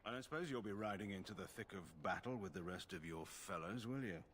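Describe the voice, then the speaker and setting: Field: a stern royal general. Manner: cool, measured. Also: male voice, low voice, expressive, a bit bright, a little hiss or hum. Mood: cool, condescending. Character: stern, guarded middle-aged man, royal general. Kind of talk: video game voice acting.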